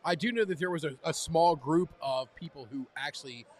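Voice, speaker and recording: A man in casual chat as a podcast co-host, joking loudly and repeating himself over drinks. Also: fairly high pitch, brisk.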